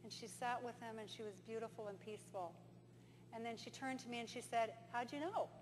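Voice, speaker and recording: A woman with a fairly high voice gives a conference talk as an animated storyteller, acting out the voices in her stories. She sounds like she is in a big hall, with long reverb and a faint hum underneath. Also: a little fast. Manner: animated storyteller, acts out dialogue. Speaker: conference presenter.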